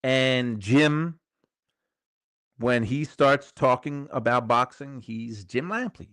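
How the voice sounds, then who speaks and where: Middle-aged male host, casual live-stream chat, rambling and repetitive, mid-pitched, dry close mic. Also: slow pace, a bit bright, no echo. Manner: rambling, conversational, repeats phrases. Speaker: show host.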